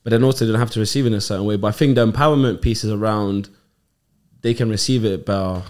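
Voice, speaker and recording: A man's voice: lowish voice, fast, darkish tone. Laid-back joking man. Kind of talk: casual podcast chat.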